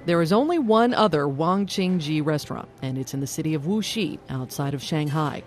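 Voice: medium pitch, lively intonation, fairly quick. A radio host and reporter, moving between scripted narration and casual, curious interview questions, recorded in a car at a drive-thru and then in a restaurant. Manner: friendly, curious, asks short questions.

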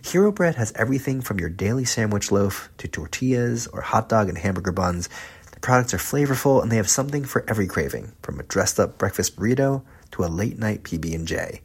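A male radio host with a low, husky voice and a lively, swinging intonation. He asks questions in a loose, conversational way. A faint music bed sits under him. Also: quick pace. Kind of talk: radio interview and ad read.

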